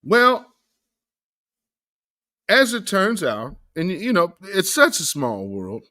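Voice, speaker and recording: Slow drawling male commentator. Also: high-pitched, wildly swooping pitch, pushed and bright. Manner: slow, drawling, loose with fillers. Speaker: commentary host. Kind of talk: casual commentary.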